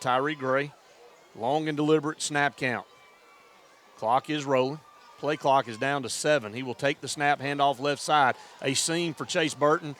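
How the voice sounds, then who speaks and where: A man doing play-by-play for a high school football game, building to excited shouts on big plays. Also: a little hiss or hum. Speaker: play-by-play announcer.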